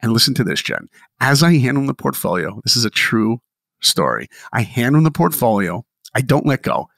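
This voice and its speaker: An animated man telling motivational stories to a podcast host, his voice swinging widely in pitch. It carries a gravelly edge. The sound is close and dry, with no room around it. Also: moderate pace, no room sound. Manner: animated and enthusiastic. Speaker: podcast guest. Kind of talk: motivational storytelling.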